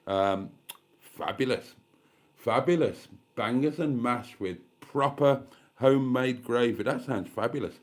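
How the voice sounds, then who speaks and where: A man's voice: mid-range voice, measured pace. A man with a stuffy head cold chatting casually on a live stream from a caravan, reading comments aloud with dry, self-mocking asides. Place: caravan with gas fire.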